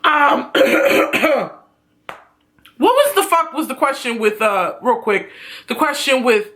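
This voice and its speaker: A man giving a blunt, profane, animated ranting review on his vlog. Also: extremely high pitch, normal speed. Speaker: YouTube reviewer.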